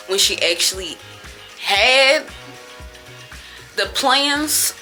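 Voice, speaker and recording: A woman's voice: medium pitch, unhurried, long pauses, bright, forceful tone, soft background music. A young woman vlogger talking casually and venting, with a lot of profanity and frustration.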